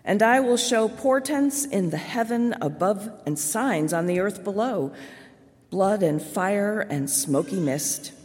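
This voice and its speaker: Woman reading scripture real slow and low, far off mic, big church echo. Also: animated, darkish tone. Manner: slow, measured solemn reading. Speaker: scripture reader. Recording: distant voice with long hall reverb.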